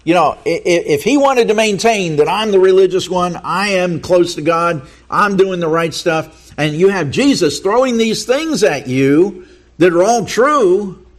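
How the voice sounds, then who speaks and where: Earnest preacher man, somewhat high voice. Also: lively intonation, a little slow. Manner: earnest, rhetorical questions, stumbles and repeats words. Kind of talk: sermon reading scripture with commentary.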